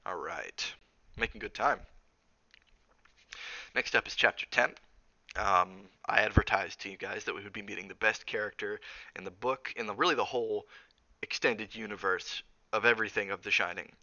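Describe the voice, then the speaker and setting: Guy reading a novel out loud on stream, dry close mic, kinda lo-fi. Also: fairly low pitch, creaky, dry recording. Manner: brisk and plain, with asides. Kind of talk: casual audiobook reading.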